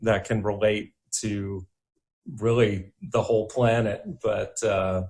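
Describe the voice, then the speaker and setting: A young man co-hosting a casual chat about favorite films, easygoing, laughing often and filling pauses with "uh". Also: fairly low pitch, flat delivery, a little mellow. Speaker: podcast co-host.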